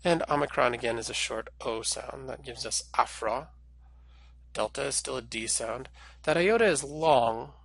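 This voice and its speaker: A patient man teaching Greek, gravelly and bright. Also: mid-range voice, moderate pace, dry recording. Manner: clear, patient, step-by-step teaching. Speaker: Greek language instructor. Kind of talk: recorded lesson.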